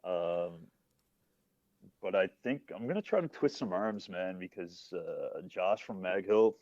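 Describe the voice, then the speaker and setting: A relaxed man from Canada chats as a podcast guest. He often tosses in "man" and "yeah". His voice is fairly low, dry, and a little muffled, as if coming over a remote line. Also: a little slow, no room sound. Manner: laid-back, says "man" and "yeah" a lot. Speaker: journalist guest. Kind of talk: casual chat.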